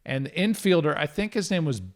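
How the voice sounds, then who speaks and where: Lively storytelling man, slightly high voice. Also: fairly quick. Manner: lively, self-deprecating storyteller. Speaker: guest broadcaster. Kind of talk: casual storytelling.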